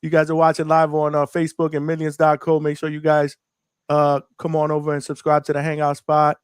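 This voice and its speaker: A male livestream host talks in a hyped, street-casual way as he takes callers and plugs the channel. His voice sits a bit high. The sound is dry and close. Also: completely flat delivery, brisk, clear, resonant tone, no echo. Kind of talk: livestream hosting.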